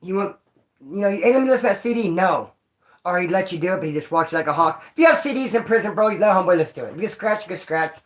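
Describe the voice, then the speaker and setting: A man casually telling stories about his time in prison to camera, in a slangy, profane and animated way, often acting out other people's voices. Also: high voice, fast.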